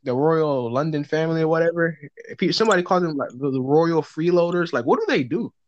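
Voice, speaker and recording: A man's voice: fairly high pitch, lively intonation, a little fast, no room sound, lo-fi sound. A man co-hosting a podcast in casual chat, rambling and joking with lots of filler words. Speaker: podcast co-host.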